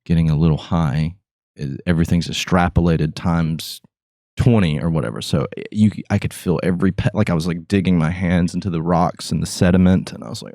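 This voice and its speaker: A man with a very low voice chats on his podcast in a loose, goofy way, laughing through rambling stories. He sounds high and relaxed. The sound is close and dry, with no room around it. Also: no echo. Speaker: podcast host. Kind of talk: casual chat.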